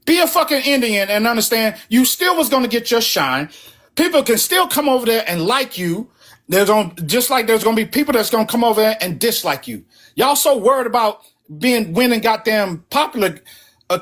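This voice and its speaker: A man's voice: extremely high pitch, fairly bright tone. A man hosting a talk show, speaking bluntly and profanely in a heated, preachy way, and out of breath. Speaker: host.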